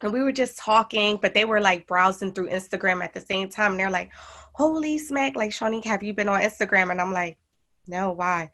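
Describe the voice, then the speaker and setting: Young woman guest, bright voice, animated storyteller in casual chat. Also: mid-range voice, fairly quick. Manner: excited storyteller, animated retellings. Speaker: guest artist and jewelry designer.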